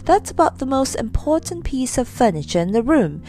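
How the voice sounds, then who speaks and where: A woman's voice: high voice, very animated, moderate pace, warm tone, voice pushed up. A woman doing a meek, foolish servant man. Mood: puzzled. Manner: simple and earnest. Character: foolish, meek, good-natured male servant.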